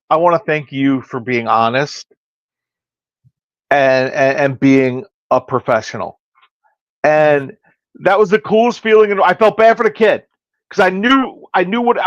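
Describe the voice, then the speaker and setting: A man's voice: high voice, a bit bright, no echo, muffled recording. A man hosting a podcast and working as a hairstylist, telling stories in casual chat and acting out the dialogue in them. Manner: storytelling, acting out quoted dialogue.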